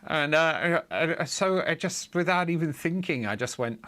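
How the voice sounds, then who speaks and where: A man's voice: fairly high pitch, animated, normal speed, sharp tone. A middle-aged man streaming live coding, talking in a rambling, chuckling way with lots of fillers and restarts, and muttering in exasperation while he debugs. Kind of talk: casual live-stream chat.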